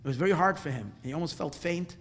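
Male religious teacher, slightly high-pitched voice, animated storyteller who builds volume through repetition. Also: fast, slight background noise. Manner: animated, repetitive storytelling that swells louder at dramatic points. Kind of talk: storytelling lesson ending in a blessing.

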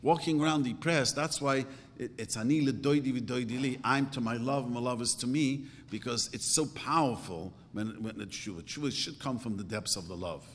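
A man's voice: mid-range voice, normal speed, hardly any pauses, a little hiss or hum. Earnest man in an echoing hall. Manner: earnest, emphatic, storytelling with rising bursts. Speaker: rabbi giving advice. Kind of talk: informal religious talk.

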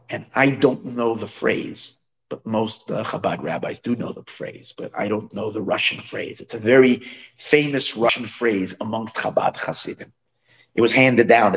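A man, a rabbi, giving a sermon through expressive storytelling. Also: fairly low pitch, rough recording.

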